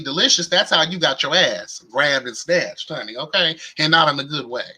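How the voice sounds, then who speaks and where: A young man hosts a live-streamed reality show recap, chatting to his viewers. His voice sits on the high side and sounds very bright and sharp. He keeps it campy and sassy, packed with slang and exclamations. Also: husky, poor audio. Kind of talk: casual live-stream commentary.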